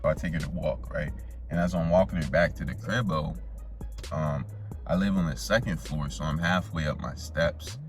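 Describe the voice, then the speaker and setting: Deep-voiced young man telling a story. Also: normal speed, over music. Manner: profane slangy storytelling to viewers. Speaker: vlogger. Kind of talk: casual storytelling.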